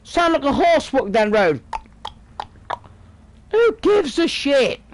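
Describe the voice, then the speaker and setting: British man, 30s, vlogger; high, bouncy pitch, sweary sarcastic rant. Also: slow pace, slight background noise. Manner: sweary, sarcastic, animated ranting. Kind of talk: casual ranting monologue.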